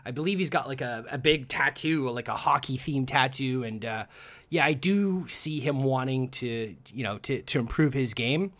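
A man's voice: mid-range voice, normal speed, a bit bright. A man co-hosting a casual sports podcast, chatty, with many fillers and restarts. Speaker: podcast co-host.

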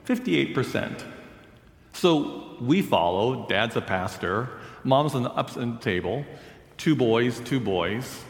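Male preacher, deliberate storytelling sermon delivery, roomy sanctuary sound. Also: medium pitch, lively intonation, creaky. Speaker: pastor.

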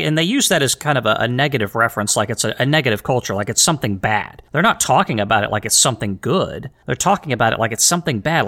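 A man with a medium-pitched, sharp-toned voice hosts a solo podcast. He's earnest and emphatic, asking rhetorical questions and often repeating words and restarting phrases.

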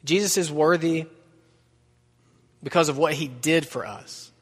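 Joking pastor preaching in a hall. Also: male voice, on the high side, measured pace, fairly bright tone, breathy edge. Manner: conversational preaching with asides and humor. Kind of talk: sermon. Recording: long reverb of a large hall.

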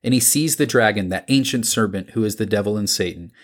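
A man with a somewhat low voice reads scripture aloud. His delivery is measured and deliberate, and he pauses between the items of each list. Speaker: scripture reader.

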